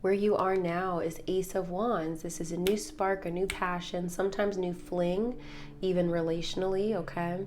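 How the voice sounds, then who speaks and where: A woman's voice: on the low side, steady tone, normal speed, darkish tone. A woman giving a casual tarot reading to camera from her room at home, chatty and rambling, calling her viewers babe and baby. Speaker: tarot reader.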